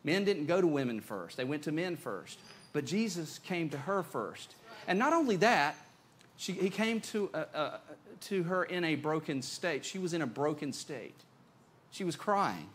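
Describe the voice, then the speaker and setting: A man preaching a sermon as pastor, conversational and animated, often repeating words as he goes. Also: fairly high pitch, moderate pace, slight background noise.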